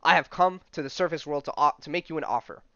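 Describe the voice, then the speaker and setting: A man's voice: fairly high pitch, fast talker, pushed and bright, no echo, pitched above the performer's own voice. A man voicing a proud male undersea prince who talks in lofty, archaic phrases, in a dull, dry recording. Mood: formal.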